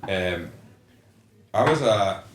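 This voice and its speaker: Scottish man, lowish voice, lively pub storyteller, roomy echo, faint background noise. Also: extremely slow. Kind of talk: casual pub chat. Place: busy pub.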